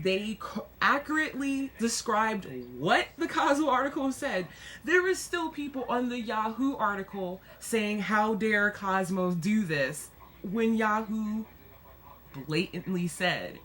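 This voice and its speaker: A young woman talking casually to camera in a vlog, animated and excitable, often laughing and jumping up high, with a self-deprecating, dark sense of humor. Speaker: vlogger.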